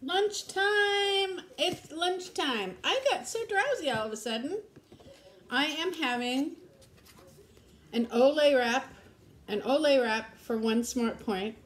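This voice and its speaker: A woman vlogger with a fairly high voice chats casually to her viewers. She tells stories in a chatty way and often breaks into laughter. A faint hiss sits under her voice. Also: animated, takes it slowly, pauses often. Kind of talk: casual chat vlog with storytelling.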